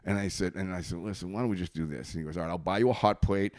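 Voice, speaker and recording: A man's voice: sits low, rapid-fire. A man telling a long profane story in casual podcast chat, laughing often. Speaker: comedian guest.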